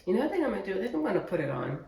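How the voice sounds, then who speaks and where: A woman vlogging while sewing a dress, talking to herself with self-doubt and sometimes dropping to quiet mutters. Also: medium pitch, very animated, very fast, creaky. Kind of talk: casual vlog narration while working. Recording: roomy, from a distance, faint noise.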